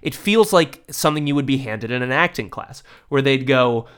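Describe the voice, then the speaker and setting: A man hosting a casual podcast, animated and jokey, stumbling over restarts. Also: mid-range voice, normal speed, smooth.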